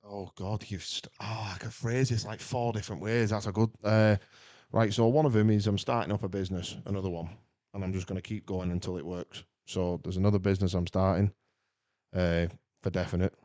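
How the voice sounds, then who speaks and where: A man's voice: lowish voice, fairly quick, no echo. A man, co-hosting a podcast, rambling along in casual chat. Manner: rambling, animated, chatty. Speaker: podcast co-host. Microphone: podcast mic up close.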